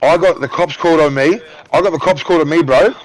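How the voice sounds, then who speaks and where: A man in his thirties with an Australian accent, loudly telling a story on voice chat while gaming, swearing heavily. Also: fairly high pitch, fast, no room sound. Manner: loud, excitable, heavy swearing. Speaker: gamer on voice chat. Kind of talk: casual chat telling a story mid-game.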